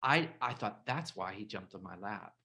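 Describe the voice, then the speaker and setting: A host talking in a casual interview over a video call, halting and repeating words, emotional and animated. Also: sits low, gravelly. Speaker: podcast host and author.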